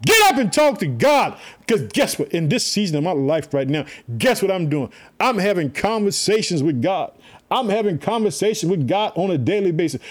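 This man's high-pitched voice moves briskly with lively intonation. He's giving a casual online sermon, passionate and repetitive, calling his audience family and returning over and over to "guess what."

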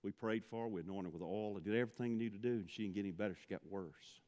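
Deep-voiced preacher in a reverberant hall. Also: male voice, very fast, a little mellow. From Mississippi. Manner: storytelling, rising to impassioned pleading. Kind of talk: sermon.

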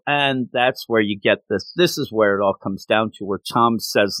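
A man's voice: medium pitch, measured pace, a bit bright, no echo, low-quality recording. A man giving an enthusiastic, rambling recap of a comic book story.

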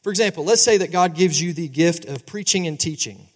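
Animated pastor preaching in an echoing hall. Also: male voice, a little high, fairly quick. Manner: animated, conversational, asks the crowd for agreement. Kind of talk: sermon. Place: church sanctuary. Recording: long reverb of a large hall.

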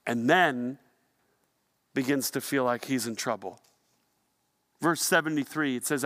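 A man delivering a sermon as pastor, telling a story with animation and swinging from hushed to loud. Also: medium pitch, unhurried, long pauses.

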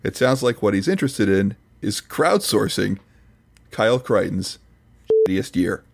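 A man's voice: lowish voice, lively intonation, a little slow, gravelly, breathy edge. A man hosting a podcast, reading scripted commentary in a dry, mock-serious, pedantic manner. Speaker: podcast host reviewing another podcast.

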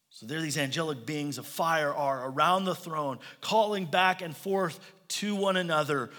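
A man's voice: a little high, lively intonation, normal speed, hardly any pauses, pushed and bright, in a large hall. A man preaching a sermon as pastor, building to emphatic declarations.

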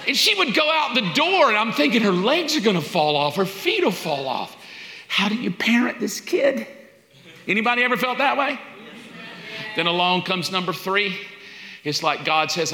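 A man preaching a sermon as pastor, building repeated appeals and sometimes dropping to a hushed whisper. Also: high voice, very animated, normal speed, slight background noise. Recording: echoey hall.

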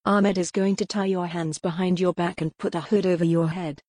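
A woman voicing a calm, matter-of-fact man of a secret society who explains rituals in an audiobook reading. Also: fairly low pitch, moderate pace, dry recording, close to an everyday voice. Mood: explaining.

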